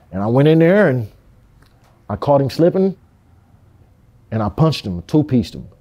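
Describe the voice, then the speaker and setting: A man's voice: mid-range voice, sing-song, unhurried, long pauses, warm tone. A man from Compton speaking in a candid interview, emphatic and full of street slang and profanity. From Compton, California.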